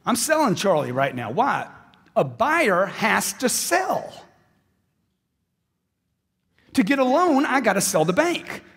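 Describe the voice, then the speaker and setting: A man's voice: sits high, big pitch swings, slow, pauses often, a bit bright, breathy edge, long reverb tail. A man giving a live sales seminar speech, intense and emphatic, repeating phrases for punch. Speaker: motivational sales speaker.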